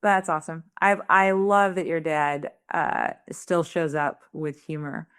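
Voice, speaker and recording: A woman's voice: low voice, measured pace, fairly bright tone, smooth. A woman co-hosting a parenting podcast, asking a guest encouraging, casual questions. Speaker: podcast co-host. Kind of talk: casual interview chat.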